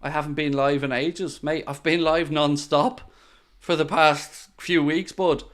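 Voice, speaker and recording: Young man, fairly high voice, calls a match live for his stream and chats with viewers, excitable. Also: measured pace. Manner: excitable, bursts into loud groans at near misses, chatty asides to viewers. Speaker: football watchalong streamer. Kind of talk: live match commentary with chat.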